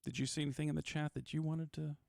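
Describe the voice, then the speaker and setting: Easygoing host with a gravelly, dry voice. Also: male voice, fairly high pitch, little pitch movement, fast, darkish tone, no room sound. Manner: easygoing, steering the talk. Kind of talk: casual podcast chat.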